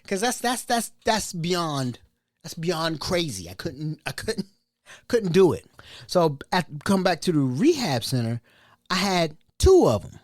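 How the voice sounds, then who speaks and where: Brief: male chef spinning workplace tales, animated, colloquial, lively pitch. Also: unhurried, dry recording, clean studio sound. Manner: animated, colloquial, laughing asides. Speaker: chef, storyteller. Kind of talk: casual anecdotal storytelling.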